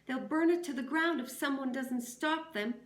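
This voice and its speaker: A woman's voice: sits high, normal speed, distant mic, voice pushed up, lightly acted. A woman voicing a desperate, defiant young schoolteacher who speaks urgently and out of breath, read aloud in an echoey room.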